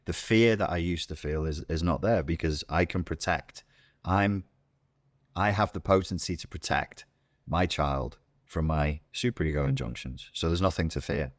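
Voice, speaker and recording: A man's voice: rumbling low, normal speed, no room sound, studio quality. A middle-aged man from Liverpool with a Scouse accent, speaking as a guest on a podcast interview in a blunt, profane way. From Liverpool, England. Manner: blunt, profane, acts out inner voices. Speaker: guest coach.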